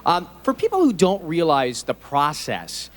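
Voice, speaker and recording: A man hosting a lighthearted celebrity interview outdoors in a courtyard, quick and teasing in his manner. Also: a little high, huge pitch swings. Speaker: radio show host.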